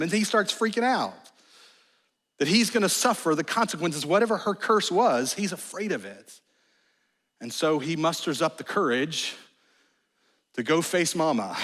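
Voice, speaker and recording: A man preaching a sermon in a church, animated and jokey, with sudden exclamations. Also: high voice. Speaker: pastor. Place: large church sanctuary. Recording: long church hall reverb.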